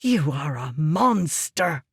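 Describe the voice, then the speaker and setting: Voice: medium pitch, expressive, slow pace, no room sound, clean studio sound, pitched above the performer's own voice. An audiobook reader voicing a determined woman leader who speaks firmly and with indignation. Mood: indignant. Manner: firm, indignant. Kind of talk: audiobook character reading.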